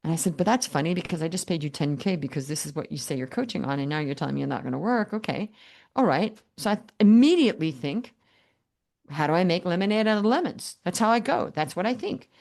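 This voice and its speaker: An older woman with a fairly low voice tells her story in an interview. She talks in a lively, humorous way and acts out quoted conversations in different voices. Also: fast talker, vocal fry. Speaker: guest business coach.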